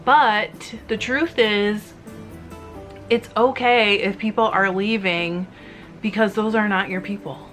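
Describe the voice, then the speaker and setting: A woman's voice: mid-range voice, fairly bright tone. Candid chatty woman with faint music. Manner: candid, rambling, emotional, quick asides. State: teary. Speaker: fiber arts YouTuber. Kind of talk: casual chat to viewers while spinning.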